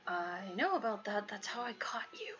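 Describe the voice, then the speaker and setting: A woman voicing a cool, serious young man in a visual novel, speaking low, quiet and measured. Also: very animated. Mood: calm. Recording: dull lo-fi audio, faint music.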